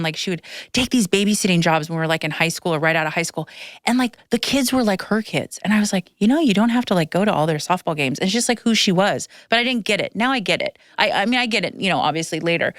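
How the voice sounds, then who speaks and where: The voice is mid-range and fairly bright with a clean tone, taken on a podcast microphone in clean studio sound with no room sound. She's a podcast host in her thirties, and her casual chat drifts into emotional, tearful, rambling stories.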